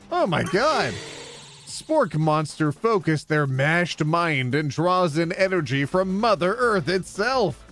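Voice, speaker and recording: A young man streaming a dating sim, reading the game's text aloud with playful commentary, animated and quick to yelp. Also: a little high. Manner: animated, jumping from flat reading to excited yelps.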